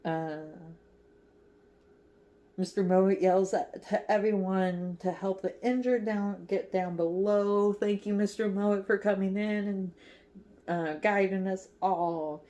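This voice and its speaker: A woman's voice: mid-range voice, fairly even intonation, slow pace, warm tone. A woman casually recapping a movie as a crochet vlogger, chatty and giggly, with lots of fillers.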